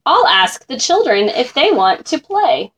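A woman's voice: high voice, very animated, measured pace, a bit bright, voice pushed up, exaggerated voice. A woman voicing a sleepy, stubborn male groundhog in a storybook, lazy and cozy in manner. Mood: cheerful.

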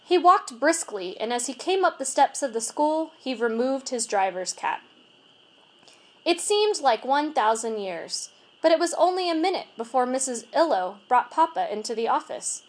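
A woman narrating a children's storybook aloud in an expressive, measured way. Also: high voice. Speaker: reader.

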